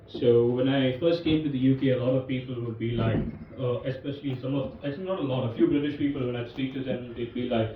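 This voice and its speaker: A man's voice: mid-range voice, fairly even intonation, fast talker, slight background noise. Laid-back man telling stand-up stories. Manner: laid-back, self-deprecating with frequent fillers. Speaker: stand-up comedian. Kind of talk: stand-up storytelling. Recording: echoey distant live room, slightly dull. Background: audience laughter.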